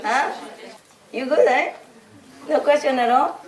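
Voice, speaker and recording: A woman's voice: high voice, unhurried. A woman spiritual teacher giving an informal, teasing talk to a group of followers, laughing often. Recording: roomy hall, voice from a distant mic. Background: audience laughing.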